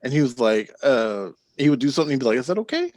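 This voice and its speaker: A man's voice: mid-range voice, darkish tone, no room sound. A man co-hosting a podcast, telling stories in a rambling, laughing way. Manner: rambling storyteller, quick to laugh. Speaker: podcast co-host. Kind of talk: casual podcast chat.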